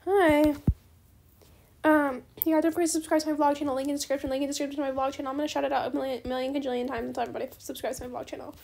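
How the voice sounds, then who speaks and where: Young girl gamer, high squeaky voice with a bit of fry, chatty and bubbly. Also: level tone, darkish tone, slight background noise. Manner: bubbly, fast-talking, says bestie a lot. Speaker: gaming YouTuber. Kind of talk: casual gameplay commentary.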